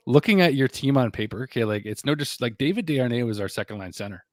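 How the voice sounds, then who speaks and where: A man's voice: medium pitch, animated, fast, no room sound. A man hosting a podcast who asks long, rambling questions packed with fillers. His voice is recorded close and dry, with no room sound. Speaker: podcast host. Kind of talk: casual interview questions.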